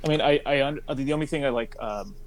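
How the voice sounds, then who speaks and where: A man in casual chat, rambling and halting, with lots of restarts and filler words. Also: mid-range voice, rough recording.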